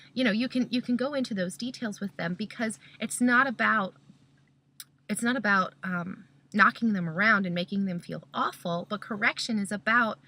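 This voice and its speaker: Bright-voiced woman teaching casually. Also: medium pitch. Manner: explains step by step, often checks in with "okay?". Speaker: Christian parent giving a talk on truth.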